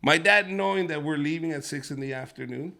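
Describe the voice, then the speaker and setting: A male comedian with a bright, gravelly voice, pitched a little high for a man. He tells a profane, animated story in a casual writing session. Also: fairly quick. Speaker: comedian and host.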